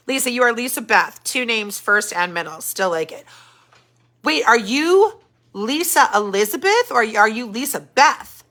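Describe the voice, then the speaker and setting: A woman's voice: a little high, sharp tone. A middle-aged woman hosting a casual live stream, greeting viewers by name and chatting about their comments while she thinks aloud. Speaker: podcast host reading live chat comments.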